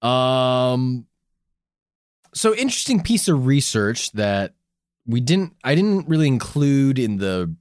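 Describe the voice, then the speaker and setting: A man's voice: mid-range voice, big pitch swings, slow pace, darkish tone, no room sound, clean studio sound. A man co-hosting a podcast in casual, crude, joking chat, explaining research along the way. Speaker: podcast co-host.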